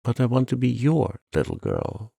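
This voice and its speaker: A man's voice: medium pitch, huge pitch swings, moderate pace, vocal fry, warm tone, husky, no echo, studio quality, pitched above the performer's own voice, full character voice. A man voicing an earnest, affectionate orphan girl in a storybook, talking in a pleading way. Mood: begging.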